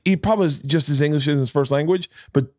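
A middle-aged man hosting a podcast, telling a story in a loud, profane, animated way and acting out the voices in it. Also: a little high, fast, no echo, studio quality. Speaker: podcast host. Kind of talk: casual storytelling chat.

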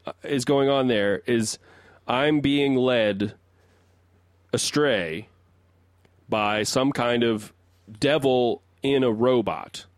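A man in casual podcast talk, working out a long theory out loud, stopping and restarting his sentences as he goes. His voice is captured close and dry, with no room sound, at an ordinary middle pitch. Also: slow, long pauses, no room sound. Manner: rambling, restarts sentences while building an argument. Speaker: podcast co-host and resident song analyst.

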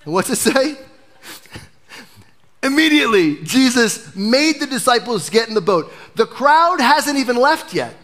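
Animated male pastor preaching a sermon. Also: extremely high pitch, measured pace. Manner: animated preaching, dropping to a hush for emphasis.

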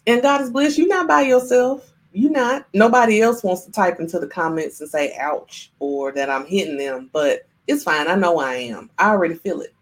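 A woman's voice: lowish voice, normal speed, few pauses, rough recording. A woman hosting a live-streamed spiritual talk, speaking to her viewers in a playful way and acting out little voices. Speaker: spiritual livestream host.

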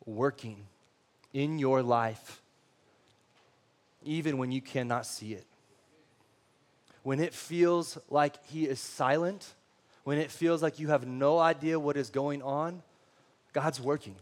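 A man, preaching a sermon and telling personal stories in a joking, conversational way to the congregation. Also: medium pitch. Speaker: pastor.

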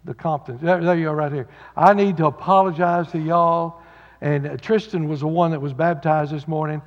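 A man's voice: fairly high pitch, steady tone, normal speed. A man preaching a sermon as pastor, folksy and joking, with lots of fillers. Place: church sanctuary. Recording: dull sound with long hall reverb.

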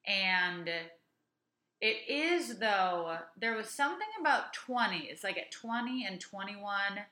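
A woman's voice: mid-range voice, lively intonation, takes it slowly, pushed and bright, roomy sound. A woman in her thirties co-hosting a casual chat, talking things through and reading aloud from a website. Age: 30s. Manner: chatty, reads aloud from a website. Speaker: podcast co-host.

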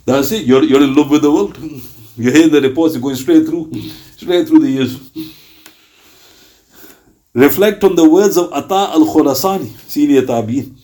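A man preaching to a small gathering in a mosque, telling stories in a conversational, animated way. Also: on the high side, normal speed, pauses often. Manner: conversational, animated storytelling with quoted voices.

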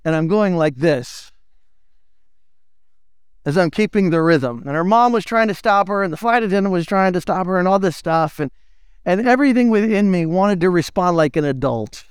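A man, preaching a sermon in an animated, playful storytelling way. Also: sits high, moderate pace, clear, resonant tone, no echo, clean studio sound. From United States. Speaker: pastor.

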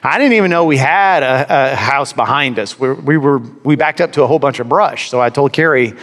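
Wry storytelling pastor in a big hall. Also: male voice, mid-range voice, a little fast, few pauses, a bit bright. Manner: wry, self-deprecating storyteller. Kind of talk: sermon with humorous personal story.

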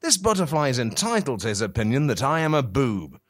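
A man's voice: mid-range voice, big pitch swings, a little hiss or hum, lightly acted. A man reading as a swaggering boastful boxer. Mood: magnanimous. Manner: slow, swaggering delivery.

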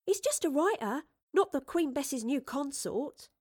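A woman's voice: high-pitched, lively intonation, unhurried, darkish tone, dry recording, clean studio sound, voice pushed up. Woman doing a cheeky girl. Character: young woman street sweeper, cheeky and lively.

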